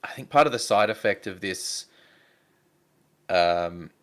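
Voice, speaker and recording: A man co-hosting a music podcast who talks in a slow, halting, casual way. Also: low voice, animated. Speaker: podcast co-host. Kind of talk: casual chat.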